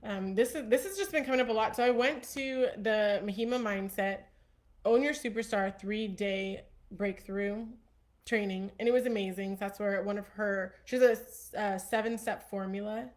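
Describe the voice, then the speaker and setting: A woman's voice: mid-range voice, normal speed. Earnest upbeat young woman. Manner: warm, earnest, upbeat, with many likes and ums. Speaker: host. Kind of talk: casual spiritual talk to viewers.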